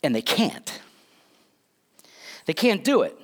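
Middle-aged male pastor mid-sermon, slightly high voice with lively swings, conversational asides. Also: slow pace, breathy edge. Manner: animated preaching with repeated restarts and asides.

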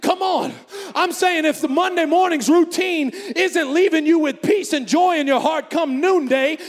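Fervent, high-voiced shouting preacher. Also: male voice, moderate pace, long reverb tail. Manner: fervent, shouting, call and response. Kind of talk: sermon.

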